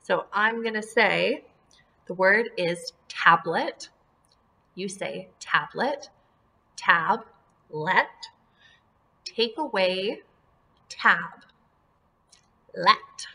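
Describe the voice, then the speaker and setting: A woman teaching a second-grade class, drilling words and syllables slowly and clearly and encouraging the children. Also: medium pitch, pushed and bright. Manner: slow, deliberate word drills with clear enunciation. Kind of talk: phonemic awareness lesson for young children.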